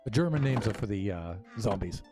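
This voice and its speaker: A man's voice: on the low side, lively intonation, fairly quick, over music. A man casually talking through his building as he streams a game, thinking aloud with many fillers. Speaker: Minecraft streamer.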